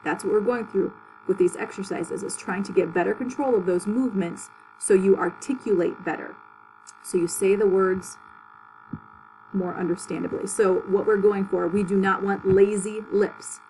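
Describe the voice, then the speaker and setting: A woman teaching a public speaking class, walking students through articulation drills with clear, exaggerated syllables and plain instructions. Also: mid-range voice, steady tone, moderate pace, warm tone, a little hiss or hum, rough recording.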